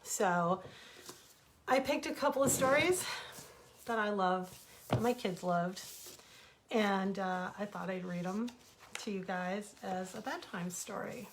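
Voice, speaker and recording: Woman, bedtime story reading, gentle, expressive, webcam, author reading her own fables. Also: mid-range voice, slow, pauses often, noisy background.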